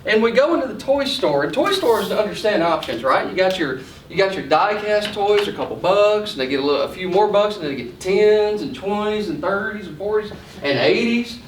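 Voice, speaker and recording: A man telling a folksy story as a sales trainer to an audience, animated, with many restarts. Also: high voice, brisk, few pauses, slight background noise. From Mississippi, USA. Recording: echoey room from a distance.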